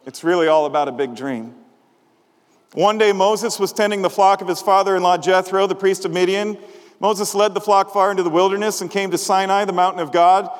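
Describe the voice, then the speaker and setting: A male pastor with a high voice preaches casually, with humour and questions put to his listeners. His words ring out with the long reverb of a large hall. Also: fairly even intonation, brisk. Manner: conversational, humorous, asks the congregation questions. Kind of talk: sermon.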